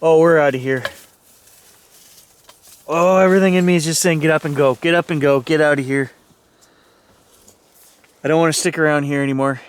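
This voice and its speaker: A man's voice: a little high, fairly even intonation, moderate pace, pauses often, clean tone. A man vlogging alone outdoors at night, talking nervously and thinking aloud to his viewers. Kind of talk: ghost-hunting vlog, talking to viewers.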